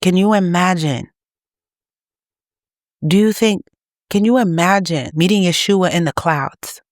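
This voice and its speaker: A woman's voice: fairly low pitch, measured pace, no echo, clean studio sound. A woman preaching to her channel's viewers in an urgent, exhorting manner. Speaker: channel host. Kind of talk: preaching to camera.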